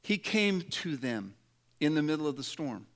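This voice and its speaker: A man's voice: fairly high pitch, sing-song, normal speed. A man preaching a sermon, dramatic, dropping his voice to act out prayers and quotes. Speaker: pastor.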